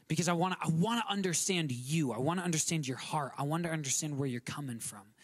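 A high-pitched man preaches a sermon. He talks in a loose, conversational way, stumbles and repeats words, and acts out little quotes in sudden new voices. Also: fast talker, hardly any pauses, husky. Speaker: guest pastor.

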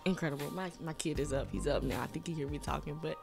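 A young woman, a movie reaction host who chats excitedly and keeps calling her viewers y'all. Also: low voice, quick pace, creaky, over music. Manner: exclamatory, addresses viewers as y'all. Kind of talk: excited casual reaction chat. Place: home room.

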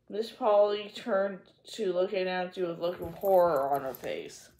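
A woman hosting a storybook reading, narrating in a gentle, measured way. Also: lowish voice, lively intonation. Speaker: storybook reader. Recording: echoey room.

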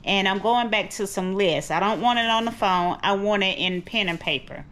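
A woman's voice: mid-range voice, normal speed, a bit bright, slight background noise. A middle-aged woman vlogging in her kitchen at home, rambling and chatty, calling her viewers cousins. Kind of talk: casual chat to camera.

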